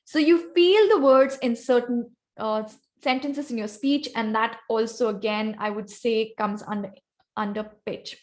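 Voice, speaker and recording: Her voice is fairly high yet darkish in tone, and she takes her time; she has an Indian accent. She's a guest presenter teaching vocal variety and speaking skills in an online club workshop, inviting volunteers by name.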